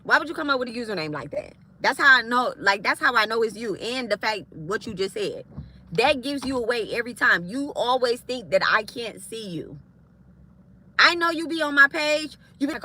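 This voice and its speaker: Heated, bright-voiced woman ranting on a livestream. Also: on the high side, expressive, moderate pace. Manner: heated, confrontational, profane, repetitive. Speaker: spiritualist live streamer. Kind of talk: livestream rant to viewers.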